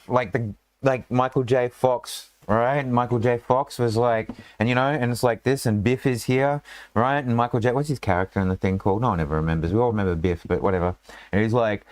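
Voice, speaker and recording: A man's voice: medium pitch, brisk, no echo. A man running a tabletop game as game master, in a rambling, casual way full of fillers and restarts.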